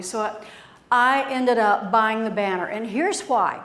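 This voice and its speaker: A middle-aged woman giving a keynote talk, telling stories in a conversational, animated way. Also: on the high side, moderate pace. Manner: conversational, animated storytelling with acted quotes. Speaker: keynote speaker. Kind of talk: storytelling keynote speech. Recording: echoey room.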